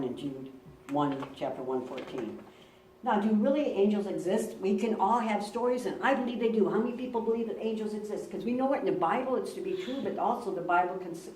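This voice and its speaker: A woman's voice: mid-range voice, mellow, slight background noise. A woman pastor giving a sermon, telling personal stories earnestly and repeating words for emphasis. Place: church. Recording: roomy church, recorded from a distance.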